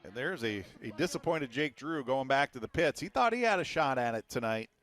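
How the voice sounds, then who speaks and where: A man's voice: medium pitch, very animated, fairly quick, a bit bright. A man calling a race on a live broadcast, enthusiastic and full of exclamations, speaking from the broadcast booth. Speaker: race commentator.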